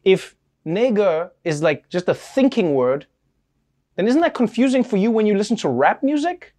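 A man hosting a comedy news show, trading scripted banter in an animated way that sometimes stammers and gets flustered. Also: high-pitched, normal speed. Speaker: late-night comedy news host.

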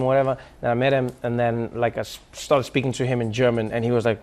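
A man comedian chatting with a live audience, an animated storyteller who laughs as he talks and keeps slipping into impressions. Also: medium pitch, racing, hardly any pauses. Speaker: comedian answering audience questions. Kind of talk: live stand-up style audience Q&A. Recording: live audience noise in hall. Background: audience laughter and murmur.

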